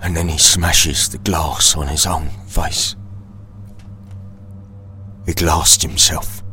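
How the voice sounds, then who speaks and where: A British man telling an absurd comic tall tale in deadpan style, teasing a sidekick as he goes. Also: rumbling low, slow, soft background music. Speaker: comedian. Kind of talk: comic storytelling monologue.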